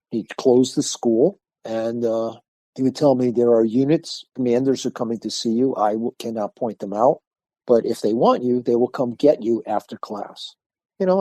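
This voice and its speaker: An older man, a martial arts instructor, telling lively stories in a podcast interview and acting out the people he quotes. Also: mid-range voice, no echo. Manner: animated storyteller acting out quoted voices.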